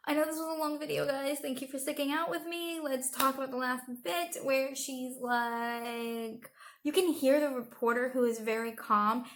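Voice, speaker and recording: High-voiced sarcastic woman ranting. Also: steady tone, moderate pace, fairly bright tone. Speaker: commentary vlogger. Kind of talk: reaction commentary.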